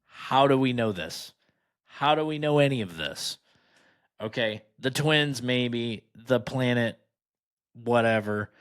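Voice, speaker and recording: In casual, sarcastic commentary, a podcast host reads items aloud and riffs on them with mocking asides. His voice is medium-pitched, smooth and expressive, and he speaks slowly.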